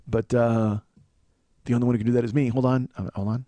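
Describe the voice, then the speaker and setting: A man's voice: medium pitch, little pitch movement, fast, mellow, dry recording. An American man in his forties hosting a comedy podcast, rambling through a profane, self-mocking solo monologue. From United States. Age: 40s. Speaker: podcast host.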